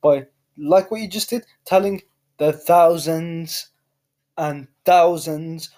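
A man's voice: a little high, steady tone, slow pace, mellow. A man co-hosting a casual podcast, teasing his partner in a dry, needling way. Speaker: podcast co-host. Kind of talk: casual banter.

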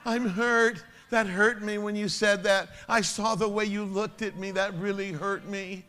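A man's voice: high-pitched, fairly even intonation, unhurried, sharp tone, in a large hall, voice pushed up. A preacher putting on the voice of a whiny, easily offended man who complains that he has been hurt. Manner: whimpering, self-pitying complaint.

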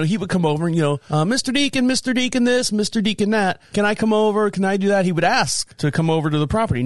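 A man's voice: on the high side, no echo, studio quality. A man hosting a podcast, telling a long rambling story in a casual, jokey way and laughing often. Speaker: podcast host.

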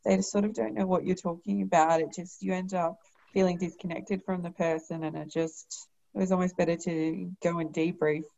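A woman's voice: fairly low pitch, steady tone, normal speed, vocal fry, dark tone, dull audio. A woman midwife speaking frankly and a little hesitantly about a hard week at work. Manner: frank, hesitant, many fillers. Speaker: midwife and podcast guest. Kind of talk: casual chat.

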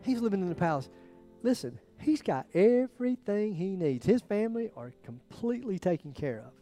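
A man preaching a sermon, acting out quoted prayers, shifting from loud bursts to near whispers. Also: high voice, sing-song, normal speed, soft background music. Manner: dramatic, acts out biblical quotes with swings in loudness. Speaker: pastor.

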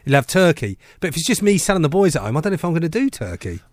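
A man's voice: on the high side, sing-song, racing, no echo. A man co-hosting breakfast radio, jokey and giggly, peppering his talk with "you know what I mean". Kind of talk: casual radio banter. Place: radio studio.

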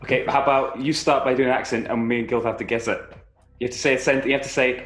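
A man's voice: medium pitch, steady tone, quick pace, fairly bright tone, roomy sound, soft background music. A man co-hosting a podcast, playful and giggly in casual chat. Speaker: podcast co-host.

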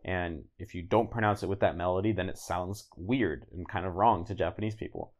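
A man with a low, brisk voice talks easily as a podcast guest and language learner. He rambles through long explanations, stopping to restart and leaning on fillers and "like."

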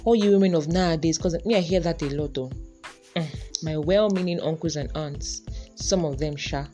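A woman's voice: low voice, normal speed, dark tone, faint music behind. A woman with a Nigerian accent hosting a casual podcast monologue, chatty and musing aloud, dropping in Yoruba and pidgin words. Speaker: podcast host.

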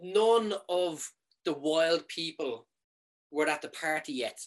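A man casually telling a comic anecdote, animated, swearing freely and often checking in with "right?". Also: fairly high pitch, slow pace.

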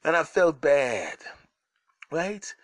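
A man's voice: fairly high pitch, sing-song, extremely slow, no room sound. A man hosting a solo podcast, telling funny stories in a rambling, self-mocking way. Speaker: podcast host and comedian. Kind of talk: comedic solo storytelling.

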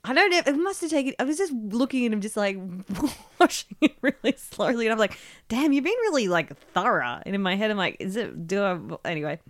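A woman chats casually on a podcast, her pitch swinging widely as she tells stories and acts out what others said. The sound is close and dry, with no room around it. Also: fast, hardly any pauses, dry recording. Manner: animated storyteller, acts out quotes. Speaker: podcast co-host. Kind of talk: casual chat.

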